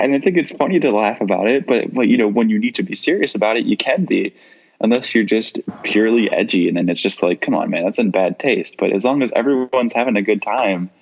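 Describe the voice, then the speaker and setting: Young guy guesting on a podcast, husky lowish voice, muffled lo-fi sound. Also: darkish tone. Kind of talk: casual podcast chat.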